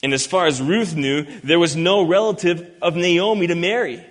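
A man preaching an expository sermon, earnest and emphatic, reading scripture slowly. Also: fairly high pitch. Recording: long hall reverb.

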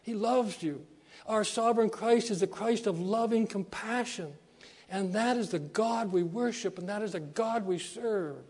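Man, pastor preaching a sermon; high, warm voice; emphatic repetitions, soft low dips. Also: measured pace, breathy edge. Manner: preaching with rising emphasis and repeated phrases.

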